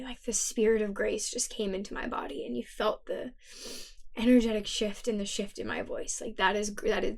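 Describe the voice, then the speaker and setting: A woman in her thirties co-hosting a spiritual podcast, speaking in an earnest, emotional and reflective way. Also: medium pitch. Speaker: podcast co-host. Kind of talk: heartfelt spiritual podcast talk.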